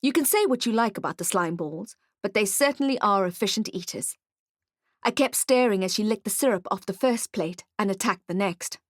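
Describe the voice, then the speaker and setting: A woman reads a first-person fantasy detective story, her tone wry and hardboiled. Her voice sits at a middle pitch, recorded close and dry with no room sound. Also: expressive, moderate pace, no room sound. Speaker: audiobook narrator. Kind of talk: first-person audiobook narration.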